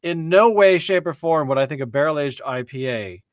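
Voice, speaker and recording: A man hosting a casual livestream beer tasting, excitable and prone to stammering restarts. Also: on the high side, moderate pace, no room sound. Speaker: host of a beer review show.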